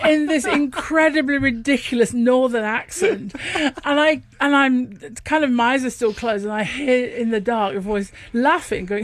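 A woman's voice: on the high side, normal speed, dry recording. Chatty woman with a northern English accent. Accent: northern English, Lincolnshire. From Lincoln, England. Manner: chatty, laughs often, lively storyteller. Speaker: guest, opera soprano. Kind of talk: casual radio interview chat. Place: radio studio.

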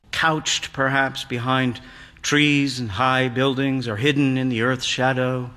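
Slow, reflective older man narrating. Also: mid-range voice, fairly bright tone. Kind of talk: literary story reading. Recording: long hall reverb.

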